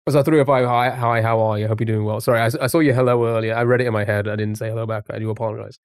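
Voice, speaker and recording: A man's voice: fairly low pitch, fairly even intonation, rapid-fire, smooth, no echo. Chatty male streamer, dry close sound. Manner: greets chatters by name, chatty and playful. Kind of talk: casual live-stream chat while playing a word game.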